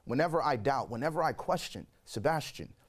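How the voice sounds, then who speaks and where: A man in his forties, a guest telling his own life story in an interview, lively and fond of acting out what people said. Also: medium pitch, normal speed. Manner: animated storyteller, acts out quoted voices. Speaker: guest sharing a conversion testimony.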